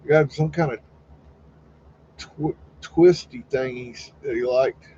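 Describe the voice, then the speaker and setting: A man with a warm, medium-pitched voice speaks unhurriedly while hosting a loose live stream. His commentary rambles in a folksy way, with casual swearing and chats retold in quoted voices. The recording is slightly dull, with faint background noise.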